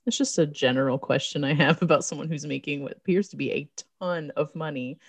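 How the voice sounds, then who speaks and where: A woman's voice: deep voice, a little fast, slightly rough, no room sound. A woman co-hosting a podcast in casual chat, laughing often as she mocks a movie's dialogue. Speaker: podcast co-host.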